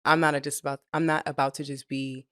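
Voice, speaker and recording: A young adult woman hosting a relaxed podcast chat, chatty and playful. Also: rumbling low, quick pace, no room sound, studio quality. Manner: chatty and playful, drops into whispers for a joke. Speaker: podcast host. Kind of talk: casual chat.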